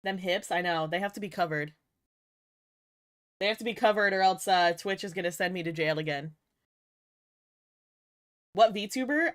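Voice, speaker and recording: A woman's voice: fairly low pitch, normal speed, pauses often, no echo, studio quality. A young woman VTuber chatting casually with her viewers, playful and giggly, teasing them and swearing often, a little tired. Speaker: VTuber streamer. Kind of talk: casual livestream chat with viewers.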